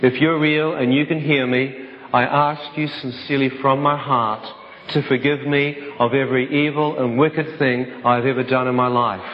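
A man giving an earnest personal testimony to an audience, slowing right down whenever he quotes a prayer. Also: mid-range voice, fairly even intonation. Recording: dull sound with long hall reverb.

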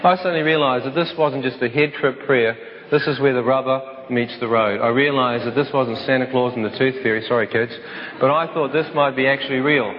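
A man giving an earnest personal testimony to an audience, slowing right down whenever he quotes a prayer. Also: medium pitch. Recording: dull sound with long hall reverb.

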